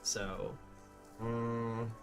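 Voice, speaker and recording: A man from California giving excitable, casual commentary while playing a game. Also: medium pitch, drawn-out words, soft background music. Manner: excitable, swears, chuckles often. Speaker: gaming streamer.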